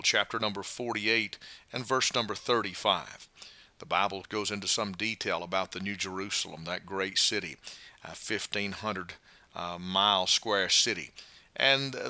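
A male pastor giving a short devotional sermon, slow and emphatic, with frequent "uh" fillers. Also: on the low side, sharp tone, no echo.

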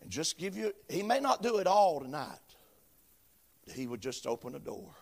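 A man preaching a sermon, chanting phrases that start with a gasped "uh" and swell into shouts. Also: on the high side, sing-song, normal speed, gravelly. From western North Carolina, USA. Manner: rhythmic preaching, each phrase opened with a gasped "uh", building to shouts. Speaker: visiting preacher. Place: church building.

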